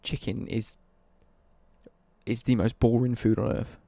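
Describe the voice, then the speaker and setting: A man's voice: mid-range voice, level tone, measured pace, gravelly, warm tone, no room sound. A young British man ranting on a casual live stream, sweary and worked up.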